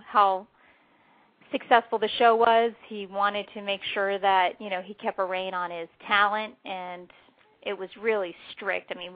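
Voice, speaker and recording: A woman, a former wrestler, telling animated stories as a guest on a radio interview. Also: medium pitch, muffled recording. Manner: lively, animated anecdotes. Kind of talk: phone-in radio interview, storytelling.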